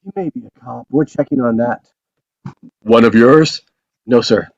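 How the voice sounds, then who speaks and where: A string of brisk police and FBI officials, each line clipped and official. The audio is dull and dry, as on a lo-fi video call. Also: male voice, mid-range voice, gravelly, no echo. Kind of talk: table read over video call.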